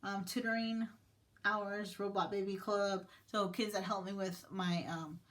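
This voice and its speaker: A woman in her thirties, a teacher, casually walking viewers through her planners in a slow, thoughtful way, with many fillers and a sentimental touch. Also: mid-range voice, steady tone, a bit bright. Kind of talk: casual show-and-tell vlog.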